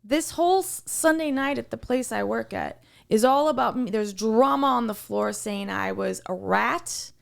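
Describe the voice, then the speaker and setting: Pitched on the high side, creaky, and at normal speed, a woman co-hosting a podcast recounts what happened at work. She swears a lot, and her casual delivery is heated and animated.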